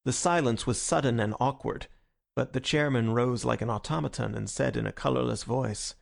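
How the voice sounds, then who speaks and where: A man narrating an audiobook in a measured storytelling manner. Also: mid-range voice, creaky. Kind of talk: scripted narration.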